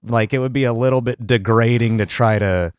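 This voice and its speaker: A man's voice: mid-range voice, fairly quick, clear, resonant tone, no room sound. A man hosting a reaction podcast, chatting casually and swearing as he laughs and mocks outtakes. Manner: profane, laughing, animated mockery. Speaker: podcast host.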